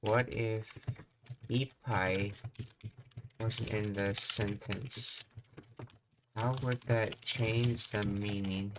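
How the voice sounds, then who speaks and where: Low, flat-voiced man explaining grammar. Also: very slow, pauses often, noisy background. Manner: thinks aloud with fillers, reads explanations. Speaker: language teacher. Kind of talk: casual language lesson.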